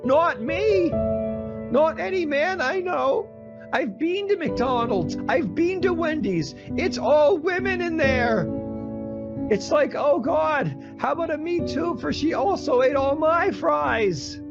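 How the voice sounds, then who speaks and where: A man's voice: very high-pitched, lively intonation, slow pace, creaky, dull audio, music in the background, full character voice. A man putting on the voice of a fretful, pompous middle-aged pundit who talks in an anguished, apologetic rant. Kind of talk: comedic impression.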